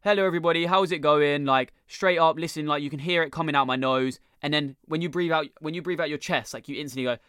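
A man's voice: on the high side, steady tone, fast, few pauses, bright, forceful tone, smooth, no room sound, clean studio sound. Young man, upbeat and slangy. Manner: enthusiastic, slangy, demonstrative. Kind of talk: casual advice chat.

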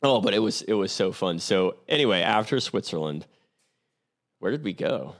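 A man with a very low, deep voice tells a long travel story on his podcast. He rambles along casually, restarting sentences and chuckling at his own mishaps. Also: lively intonation, normal speed. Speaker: podcast host.

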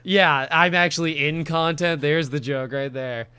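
A man's voice: a little high, steady tone, a little slow, sharp tone, clear, resonant tone. A man co-hosting a podcast in casual chat, rambling with lots of fillers and frequent laughs. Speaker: podcast co-host.

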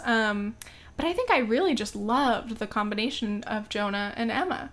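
A woman's voice: mid-range voice, lively intonation, normal speed, a bit bright. An American woman chatting casually on camera about films she has seen, talking loosely with lots of "um" and "like" and getting heated now and then. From United States. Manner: chatty, full of "um" and "like", gets heated. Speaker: vlogger reviewing films. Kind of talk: casual chat.

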